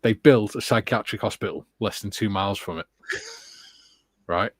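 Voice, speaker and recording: A man's voice: fairly low pitch, moderate pace, slightly rough, dry recording. A man co-hosting a hobby livestream, chatting casually and laughing often as he reads out viewer comments. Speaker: livestream co-host. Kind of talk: casual chat. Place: home studio, on a video call.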